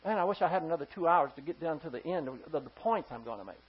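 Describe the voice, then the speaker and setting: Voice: medium pitch, lively intonation, racing, slightly rough. A pastor giving a sermon to a congregation, emphatic and firing rhetorical questions at the listeners. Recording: slightly dull lo-fi sound.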